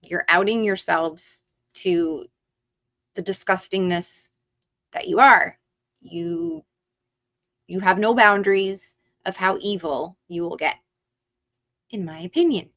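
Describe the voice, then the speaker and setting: A woman's voice: mid-range voice, expressive, slow pace, vocal fry, pauses often, fairly bright tone. A woman hosting a livestream who rants heatedly, swears freely and. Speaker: livestream host. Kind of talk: ranting livestream talk. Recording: dull lo-fi stream audio.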